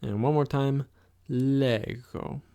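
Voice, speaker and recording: Slow, patient man teaching pronunciation. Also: medium pitch, smooth. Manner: slow, patient, repeats words for the listener. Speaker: language teacher. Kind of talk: pronunciation lesson.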